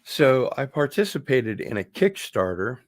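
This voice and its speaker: A man chatting casually as he unboxes packages on his channel, relaxed and rambling, with offhand asides. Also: mid-range voice, measured pace. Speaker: vlogger doing unboxings.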